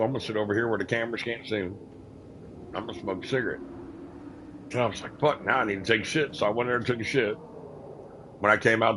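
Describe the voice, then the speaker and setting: A man's voice: on the low side, noisy background. A man telling a story about his workday in a casual, blunt and profane manner. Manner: profane, blunt, animated retelling. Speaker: owner driver telling a work story.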